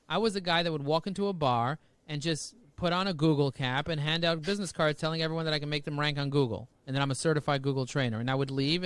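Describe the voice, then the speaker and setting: Energetic male guest, slightly high voice, dry close sound, quick punchlines. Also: smooth, no echo. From United States. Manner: high-energy, punchy, jokey, rhyming catchphrases. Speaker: podcast guest. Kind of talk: energetic podcast interview.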